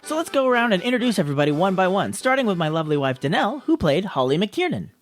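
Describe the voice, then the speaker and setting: Man hosting a podcast over a remote call, chatty and quick to laugh, pitch jumping around a lot. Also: sing-song. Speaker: podcast host. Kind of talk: casual video-call chat.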